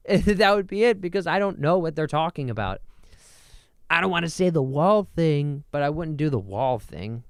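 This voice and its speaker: This young adult man hosts a solo comedic podcast, his voice a little high and animated at a moderate pace, clear and resonant with no echo. Talking into a close mic, he rambles, jokes, and interrupts himself as he jumps from thought to thought.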